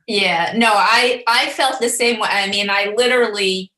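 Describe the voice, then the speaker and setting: Bright, chatty woman in an echoey room. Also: mid-range voice, steady tone, normal speed. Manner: chatty, candid storyteller. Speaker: planning board member. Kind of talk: public meeting discussion.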